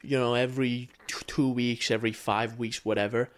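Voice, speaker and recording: A man's voice: mid-range voice, flat delivery, brisk. Exasperated ranting podcast co-host man. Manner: ranting, dryly exasperated, casual swearing. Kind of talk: casual chat.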